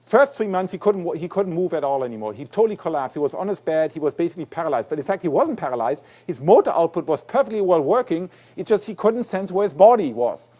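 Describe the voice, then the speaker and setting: A man with a German accent and a first language of German, giving an academic lecture as a guest neuroscientist in an animated, explaining way, often restarting and repeating words. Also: a little high, fast talker, few pauses. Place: lecture hall.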